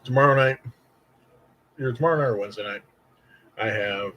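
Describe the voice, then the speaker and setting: A man's voice: medium pitch, a little fast, muffled recording. A man in his late thirties from Indiana, telling a long, rambling childhood story as a candy review host. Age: late 30s. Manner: rambling, animated, acts out quoted voices. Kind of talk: casual storytelling to camera.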